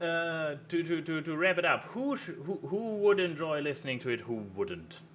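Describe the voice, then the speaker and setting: A man with a bright, slightly raised voice, chatting casually on a podcast. He stumbles and restarts often as he gathers his thoughts, with faint noise in the background. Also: fairly high pitch, expressive. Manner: halting, many restarts and fillers. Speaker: podcast co-host. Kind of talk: casual chat.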